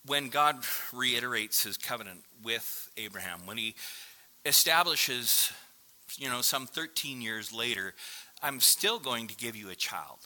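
A man's voice: medium pitch, animated, a little slow, pushed and bright. A man preaching a sermon in a conversational way, acting out the voices of the people he quotes. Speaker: pastor.

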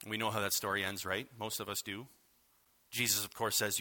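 Male pastor, bright tone, relaxed wry sermon delivery. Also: fairly low pitch, brisk. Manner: conversational, wry preaching with asides.

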